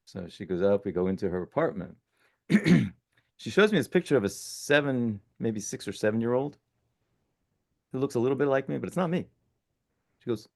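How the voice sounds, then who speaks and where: A man in his sixties, a podcast guest telling his story casually, animated and often correcting himself mid-sentence. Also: lowish voice, moderate pace, vocal fry. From born in Italy, raised in the United States. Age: 60s.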